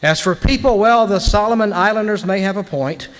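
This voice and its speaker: A man's voice: high voice, a little fast. Dramatic male preacher in a reverberant chamber. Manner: dramatic, swings between loud bursts and hushed lines. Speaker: guest minister giving a devotional to lawmakers. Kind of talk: sermon-style devotional address. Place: large legislative chamber, indoors. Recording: long reverb of a large hall.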